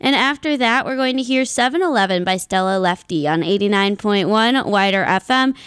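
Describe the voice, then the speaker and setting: A woman's voice: mid-range voice, animated, moderate pace, fairly bright tone, clean tone, no echo, clean studio sound. A young woman hosting a radio show, chatting casually and rambling with lots of fillers and laughs. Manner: chatty, rambling, laughs often, many likes. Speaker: radio host. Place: radio studio. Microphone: studio mic.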